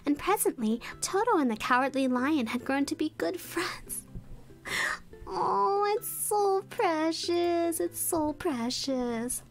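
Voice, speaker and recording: Giggly, very high-voiced young woman, whispered role-play. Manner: giggly, animated reactions. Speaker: streamer. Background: faint background music.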